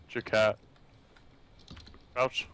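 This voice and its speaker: A man's voice: very slow, noisy background. A man calling out plays and urging teammates on during a team game. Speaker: gaming teammate. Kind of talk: casual gameplay callouts.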